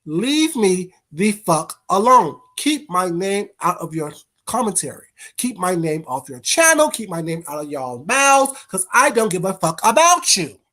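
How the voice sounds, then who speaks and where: A man's voice: high-pitched, big pitch swings, measured pace, sharp tone. A man ranting on a casual livestream, blunt and heavy on the profanity. He tears into trolls, then breaks off to greet chat viewers by name before going back at it. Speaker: livestream host.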